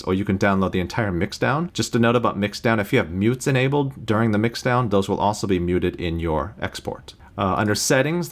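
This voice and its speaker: A man teaching how to use music recording software in a plain, practical screen-recorded tutorial, recorded on a USB interface mic. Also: lowish voice. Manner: plain, practical explaining with sung beep demos.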